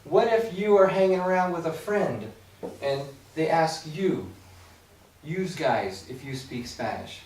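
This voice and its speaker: A man's voice: on the high side, animated, measured pace, darkish tone. Man teaching from across an echoey room. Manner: patient, explanatory, with playful asides. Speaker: Spanish teacher. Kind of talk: recorded video grammar lesson. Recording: echoey room, far from mic, faint background hum.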